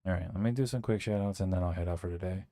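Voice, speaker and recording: A man's voice: low voice, rapid-fire. A young man streaming a horror game, chatting to himself and his viewers in a casual, rambling way with a sore throat. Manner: chatty, self-talking, many fillers. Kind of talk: casual live-stream commentary.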